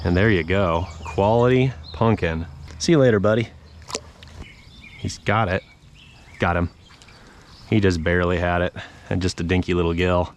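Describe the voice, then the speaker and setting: Guy fishing on a lake, low-ish voice, chatty, talks to the fish, faint outdoor hiss. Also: normal speed, pauses often. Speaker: fishing vlogger. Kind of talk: casual running commentary while fishing. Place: outdoors on a lake, on a paddle board.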